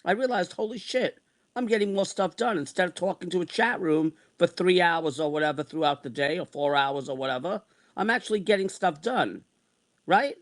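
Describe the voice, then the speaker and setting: A man's voice: sits high, moderate pace. A man in his sixties ranting angrily and repeating himself, with frequent swearing. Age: 60s. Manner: heated, repetitive, swearing. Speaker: vlogger. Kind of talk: angry personal rant.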